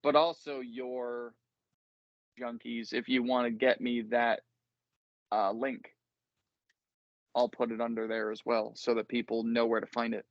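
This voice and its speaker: A man talks casually as host, rambling through his thoughts and poking fun at himself. His voice sits at an ordinary pitch. The recording is dry and a little muffled, slightly lo-fi. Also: little pitch movement, measured pace, pauses often, dry recording. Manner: rambling, self-deprecating, laughs easily. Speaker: podcast host. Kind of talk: casual chat.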